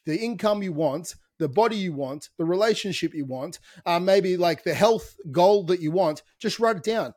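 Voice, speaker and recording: A man co-hosting a fitness podcast, talking in an upbeat, motivational way with casual swearing. His voice sits a little high, and the recording is dry and close. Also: animated, moderate pace, few pauses, a little mellow, dry recording. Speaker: podcast co-host, fitness coach.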